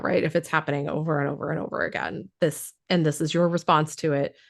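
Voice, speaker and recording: A woman's voice: sits low, gravelly. A woman who is losing her voice explains trauma responses in casual talk, thoughtful, with many fillers and restarts.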